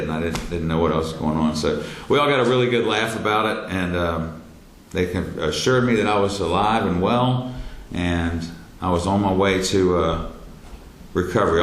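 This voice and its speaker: A man with a drawl tells a personal story, his voice deep and low. He talks haltingly, with fillers and restarts, raising his voice for quoted shouts. The sound carries a roomy echo over faint background noise. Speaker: speaker telling his near-death experience.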